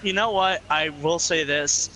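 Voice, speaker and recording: A man with a bright, forceful tone and a slightly high pitch fires off quick quips and laughs often while chatting over a game stream. A faint hiss runs behind him. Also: poor audio. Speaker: friend joining the stream. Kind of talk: casual joking chat.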